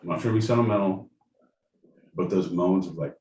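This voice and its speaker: A man's voice: low-pitched, a little fast, darkish tone, echoey room, far from the mic, a little hiss or hum, rough recording. A man co-hosting a podcast, chatting casually in a rambling way, swearing freely and leaning on fillers. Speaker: podcast co-host. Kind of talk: casual chat.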